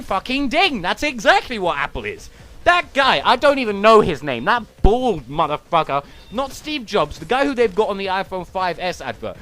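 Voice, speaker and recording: A man's voice: high-pitched, sharp tone. A young man giving a ranting, sarcastic and profane gaming commentary. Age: young adult.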